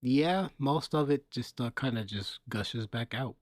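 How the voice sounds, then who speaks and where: A man's voice: medium pitch, unhurried, no echo. A man co-hosting a podcast, chatting casually with dry quips that often drop to a mumble. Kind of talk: casual chat.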